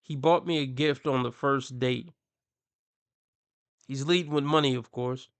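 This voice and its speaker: A man's voice: mid-range voice, measured pace, no room sound. A man ranting bluntly and crudely as he reacts to clips on his stream. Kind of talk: ranting commentary.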